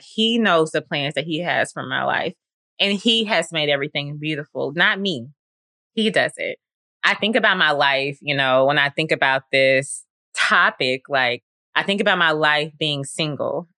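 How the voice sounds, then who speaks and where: A woman hosts a faith podcast in an earnest, conversational manner, sprinkling her talk with fillers. Her voice sits low and sounds forceful. The recording is dry and close. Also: dry recording. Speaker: podcast host.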